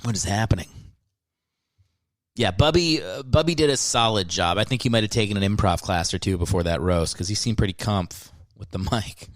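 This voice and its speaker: A man's voice: lowish voice, normal speed, no echo. A man hosting a podcast, rambling through a casual monologue and poking fun at himself. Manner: rambling, self-mocking. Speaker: podcast host.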